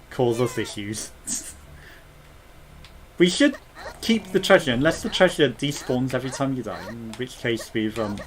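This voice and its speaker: A man giving casual gameplay commentary as a let's play gamer, chatty and thinking aloud with muttered asides. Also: medium pitch.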